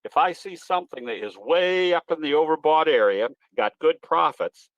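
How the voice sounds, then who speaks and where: On a dry, muffled recording, a man with a rather high, expressive voice talks at a normal pace. As the guest presenter and trading educator at an online trading webinar, he answers questions and explains in a relaxed, folksy way that tends to ramble.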